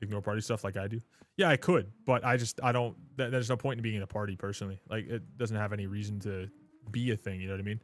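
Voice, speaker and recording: On a gaming stream, a man chats loosely with his viewers, cursing, joking, rambling, and often restarting or using fillers. His voice is on the low side, steady in tone and quick, with a slight background noise in the recording.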